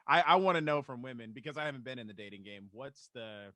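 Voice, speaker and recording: A man's voice: medium pitch, expressive, fast talker, sharp tone, no room sound. A man co-hosting a podcast in casual chat, earnest and full of fillers. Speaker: podcast co-host.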